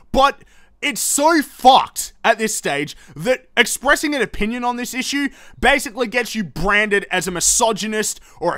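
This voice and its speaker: A man's voice: sits high, sharp tone, no echo, studio quality. A young man hosting a gaming news show, ranting in a heated, profane, exasperated way about the games industry. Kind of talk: opinionated commentary rant.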